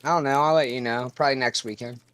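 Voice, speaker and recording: A man with an ordinary pitch teases his friends in a loose chat, swearing freely and taking his time. The sound is dry and close, with no room around it. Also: fairly even intonation, fast, a bit bright, clear, resonant tone, dry recording. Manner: profane, teasing, laid-back. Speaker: call participant. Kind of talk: casual chat on a voice call.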